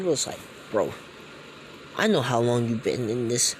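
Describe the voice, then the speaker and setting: A man's voice: medium pitch, expressive, unhurried, pauses often, slight background noise, low-quality recording. A man casually retelling a fan story, rambling and slangy with many fillers.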